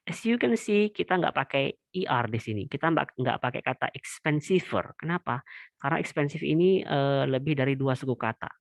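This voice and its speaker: A man's voice: medium pitch, expressive, a little fast, creaky, dry recording. Indonesian-accented male teacher, dry sound. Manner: explains patiently, keeps adding "ya" and restarts. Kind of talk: recorded classroom lesson.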